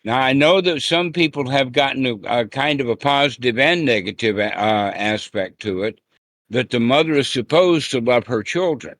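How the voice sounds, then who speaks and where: A man's voice: mid-range voice, normal speed, fairly bright tone. A man giving a plain-spoken, folksy Buddhist teaching talk over an online group call. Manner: plain-spoken, folksy, acts out quoted lines.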